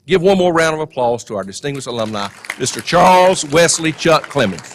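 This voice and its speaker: A man's voice: a little high, expressive, a little fast, slight background noise. Genial man hosting a ceremony. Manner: genial, joking. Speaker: ceremony host introducing the speaker. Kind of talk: ceremony introduction. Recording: long hall reverb.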